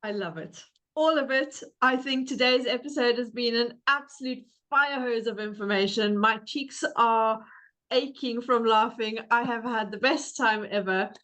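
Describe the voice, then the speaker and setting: Podcast host lady, bit high voice, bubbly, gushes over her guest. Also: measured pace, a bit bright, poor audio. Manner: upbeat and effusive. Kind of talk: casual chat.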